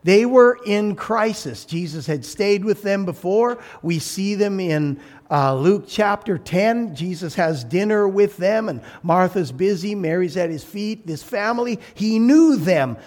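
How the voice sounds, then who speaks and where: A man preaching a sermon as pastor, animated, acting out voices and shouting for emphasis. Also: high-pitched, unhurried.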